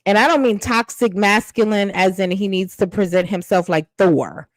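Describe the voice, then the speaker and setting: A woman's voice: medium pitch, moderate pace, no room sound, rough recording. A woman giving blunt, sassy commentary on a reality dating show, casual and mocking.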